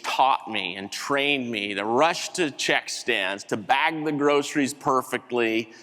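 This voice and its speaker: A man giving a keynote talk, telling a story in an animated way and acting out the voices of the people in it. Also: medium pitch. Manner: animated storyteller, acts out quotes. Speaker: keynote speaker. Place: large conference hall. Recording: hall reverb.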